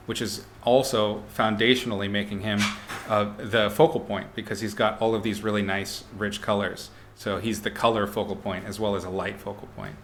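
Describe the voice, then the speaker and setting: A man's voice: lowish voice, a bit bright, a little hiss or hum. Upbeat man giving a livestream art critique. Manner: playful, upbeat, mock-brutal joking. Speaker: art instructor streaming.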